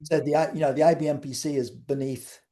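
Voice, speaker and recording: A man's voice: a little high, fairly even intonation, quick pace, mellow. An older man, a guest in an interview, telling wry, rambling anecdotes with frequent restarts.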